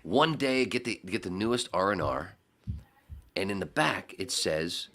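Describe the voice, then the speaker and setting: A man telling stories as a podcast guest in casual chat, animated and profane. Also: deep voice, a little slow.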